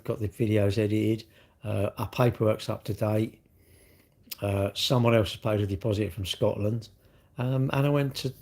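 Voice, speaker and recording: A man's voice: medium pitch, darkish tone. A middle-aged man, chatting bluntly and mockingly as he reads comments on a live stream. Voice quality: gravelly, husky. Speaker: livestream host reading comments. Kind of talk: casual live-stream chat.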